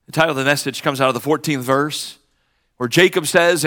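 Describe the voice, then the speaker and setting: Man, pastor, sermon, conversational storytelling, high pitch. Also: fairly quick, pushed and bright. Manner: conversational storytelling, acts out quoted exchanges.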